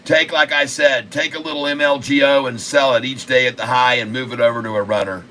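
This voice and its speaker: A man hosting a live day-trading stream, excitable and repetitive, cracking crude jokes and bursting out loudly. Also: medium pitch, brisk, a little hiss or hum. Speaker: day-trading livestream host.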